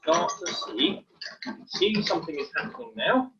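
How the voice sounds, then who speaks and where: A man presenting a live online science demonstration for children, explaining each step in a lively, hands-on way. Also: fairly high pitch, normal speed, muffled recording, heavy background noise.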